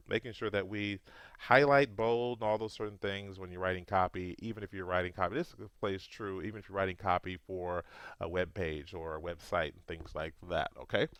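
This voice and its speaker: Low, smooth-voiced man teaching marketing. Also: a bit bright, no echo. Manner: conversational, loose, repeats and self-corrects. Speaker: marketing officer giving a lesson. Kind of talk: casual video tutorial.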